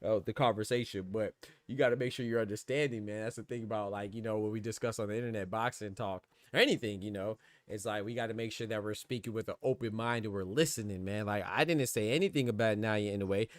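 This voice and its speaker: A man's voice: fairly low pitch, fairly even intonation, fast talker, no room sound. A man hosting a live boxing podcast, arguing his point in a rambling, insistent way and reading out chat comments. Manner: argumentative, rambling, repeats "man".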